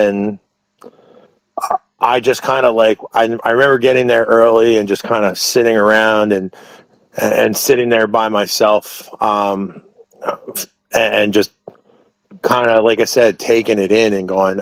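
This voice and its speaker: A man with a fairly low voice tells long stories as an interview guest. He rambles, restarts sentences and fills gaps with asides. The sound is dry and close, with no room echo. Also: flat delivery, unhurried, pauses often. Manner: rambling, many restarts and "you know" asides. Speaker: wrestling promotion owner, interview guest. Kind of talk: casual interview storytelling.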